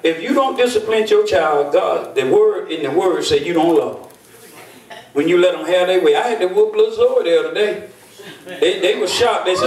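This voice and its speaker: Older man, bishop preaching a sermon, folksy storytelling, high voice, echoey church, heard from a distance. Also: animated, normal speed. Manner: folksy storytelling, call-and-response with congregation. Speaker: bishop and pastor.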